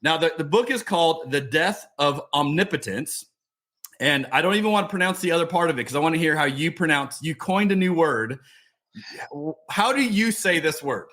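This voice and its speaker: A man's voice: fairly high pitch, expressive, moderate pace, fairly bright tone. A middle-aged man hosting a podcast, talking casually with many restarts and fillers. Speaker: podcast host. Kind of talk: casual interview chat.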